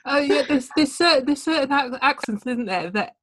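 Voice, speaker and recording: A woman's voice: high voice, normal speed, no room sound. Upbeat Birmingham woman hosting a podcast. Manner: lively, upbeat, chatty. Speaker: podcast host, celebrant. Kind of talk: casual podcast interview.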